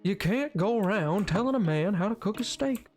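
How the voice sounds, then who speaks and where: A man's voice: high-pitched, expressive, moderate pace, darkish tone, faint music behind. A man doing a half-hearted impression of a drawling Texan cartoon dad who sells propane, using an airy version of his own voice with a slight lilt. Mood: scolding.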